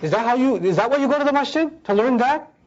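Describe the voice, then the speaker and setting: A woman's voice: high voice, animated, fast, a little mellow, voice pushed up. A man voicing a hurt, guilt-tripping mother who talks in a bitter, accusing way, on a dull lo-fi recording.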